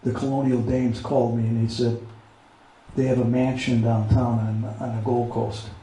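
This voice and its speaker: Mellow-voiced man in an echoey room. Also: mid-range voice, little pitch movement, normal speed, slight background noise. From Pennsylvania. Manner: rambling, repeats words, breaks off to give his dog commands. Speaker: veteran with a service dog. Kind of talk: casual spoken storytelling. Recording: very echoey room, mic far off, faint ambience.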